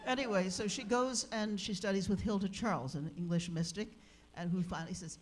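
A woman speaker at a religious gathering, telling an anecdote in a lively, animated way with humorous asides. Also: medium pitch, a little fast, hardly any pauses, a little hiss or hum. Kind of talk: anecdotal storytelling. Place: live gathering hall.

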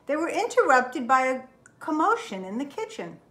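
A woman librarian reading a picture book aloud to children, expressive and chatty, often checking in with "right?". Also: high-pitched, normal speed. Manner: lively, expressive storytelling with frequent "right?".

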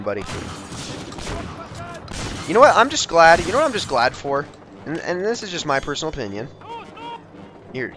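A young man giving jokey, excitable commentary over a video game he is playing, often talking to the characters on screen. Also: mid-range voice, slight background noise. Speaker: gameplay commentator. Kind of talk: let's play commentary.

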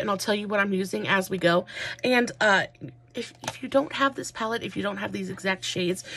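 A woman's voice: mid-range voice, gravelly, fairly bright tone, slight background noise. A woman chatting through a makeup tutorial, rambling and gushing with lots of fillers. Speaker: makeup vlogger.

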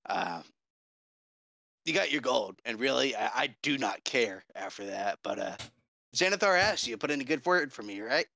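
A man voicing a scheming female rogue, bluffing with lots of fillers and pauses. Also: a little high, creaky, bright, forceful tone, no room sound, exaggerated voice. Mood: hushed. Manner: halting, filler-heavy bluffing. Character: scheming female rogue adventurer, smooth-talking.

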